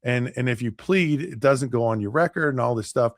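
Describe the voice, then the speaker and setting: Talking a little fast in a mid-range voice, a middle-aged man who formerly quarterbacked in the NFL tells stories on his podcast. It's rambling, full of restarts and acted-out quotes, recorded dry with clean studio sound.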